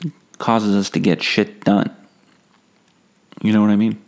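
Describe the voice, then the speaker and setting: A man hosts his own comedy podcast alone, rambling from one thought to the next in a deadpan, profane way. His voice is low and gravelly, and he often turns the joke on himself. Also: unhurried. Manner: deadpan, profane, self-mocking.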